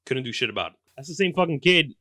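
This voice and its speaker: Male podcast host, profane comic ranter with loud outbursts, bright tone, dry close recording. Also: medium pitch, expressive, fast talker, no echo. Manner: profane, exaggerated ranting with sudden loud outbursts. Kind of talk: comedic storytelling monologue.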